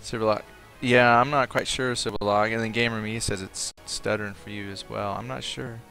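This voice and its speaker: A man's voice: fairly low pitch, steady tone, a little fast, gravelly, bright, forceful tone, soft background music. A man streaming a game live, chatting casually, thinking aloud and reading out viewers' comments. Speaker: livestream gamer.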